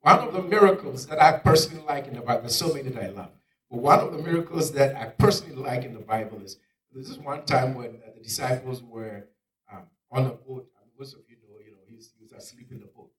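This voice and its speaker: A male preacher giving a dramatic sermon, swinging from loud exclamations down to near-whispers. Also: medium pitch, lively intonation, quick pace. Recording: echoey room, picked up from far off.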